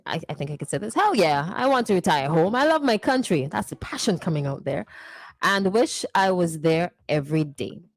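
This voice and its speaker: A woman's voice: on the low side, lively intonation, a little fast, no echo. A woman hosting a morning radio show, playfully reading listener messages and teasing them. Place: radio studio.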